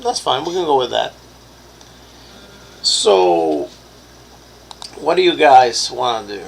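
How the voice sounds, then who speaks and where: A slow-talking man runs a tabletop horror game, his voice gravelly and mid-pitched. He stops often to search for words and fills the gaps with ums and uhs. A faint hiss sits behind him. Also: lively intonation, low-quality recording. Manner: halting, searching for words with many fillers. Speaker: game master.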